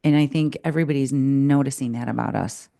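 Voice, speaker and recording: A woman co-hosting a podcast in casual chat, chatty and animated and quick to laugh. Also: a bass voice, vocal fry. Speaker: podcast co-host.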